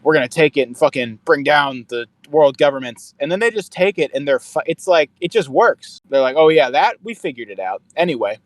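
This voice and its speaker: A man's voice: on the high side, a little fast, hardly any pauses, no echo, low-quality recording. A young man co-hosting a casual podcast chat, rambling, swearing freely and quoting movie lines. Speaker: podcast co-host. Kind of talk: casual chat reviewing a film trailer.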